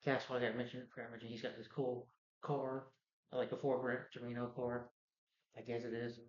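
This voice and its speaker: A man's voice: mid-range voice, completely flat delivery, fairly quick, a little hiss or hum. A man reviewing a movie, retelling the plot in a loose, rambling way full of "you know" and "like". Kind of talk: casual plot recap. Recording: roomy, dull lo-fi sound.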